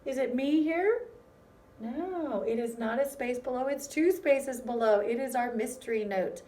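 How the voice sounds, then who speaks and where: Lady music teacher talking to little kids, high voice, slow and patient, sounds a bit far from the mic. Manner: gentle, encouraging, talks directly to children. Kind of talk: remote music lesson for young children.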